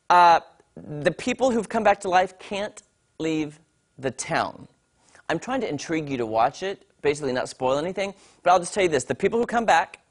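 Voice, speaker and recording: A man hosting a segment on a morning TV show, chatting animatedly and enthusiastically about a series he is watching. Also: a little high. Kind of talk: casual on-air TV review. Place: TV studio.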